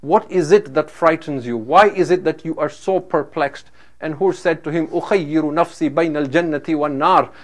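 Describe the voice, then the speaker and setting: A man's voice: fairly high pitch, quick pace. A male preacher telling a story in a sermon, solemn and weaving in Arabic phrases.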